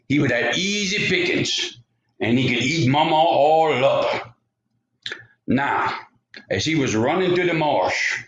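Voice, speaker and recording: Brief: Cajun man spinning a folk tale, lively, rambling asides, roomy recording. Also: mid-range voice. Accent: Louisiana Cajun. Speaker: storyteller. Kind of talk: folksy oral storytelling. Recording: roomy, slightly dull home recording.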